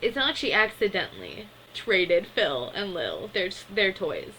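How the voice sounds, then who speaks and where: A woman's voice: lowish voice, huge pitch swings, unhurried, sharp tone, slight background noise, rough recording. A young adult woman giving a casual, chatty recap of a cartoon episode, full of fillers and small laughs.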